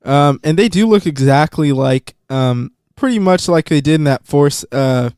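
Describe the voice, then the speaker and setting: A man's voice: fairly high pitch, lively intonation, normal speed, a little mellow, clean tone, no echo, clean studio sound. A man hosting a podcast in casual chat, talkative and hesitant with many ums. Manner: chatty, hesitant with frequent ums. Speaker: podcast host.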